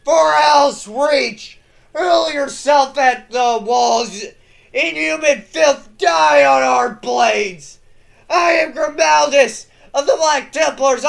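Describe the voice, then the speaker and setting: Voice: high-pitched, creaky, a bit bright, pitched above the performer's own voice, heavily acted. A lore reader voicing a zealous armored warrior-priest in a dramatic reading, roaring battle cries with a straining voice. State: straining, voice giving out.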